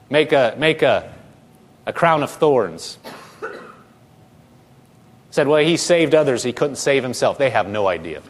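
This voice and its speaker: A male pastor preaching a sermon, asking his congregation questions and repeating words as he goes. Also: mid-range voice.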